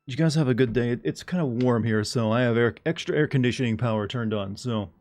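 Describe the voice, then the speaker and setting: A man chatting loosely with his stream chat, wandering from thought to thought and cracking jokes. His voice sits at an average pitch, with faint music playing in the background. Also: fast talker, a little mellow. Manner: rambling, jokey, puts on silly voices. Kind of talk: casual chat with viewers. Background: faint music and air conditioning hum.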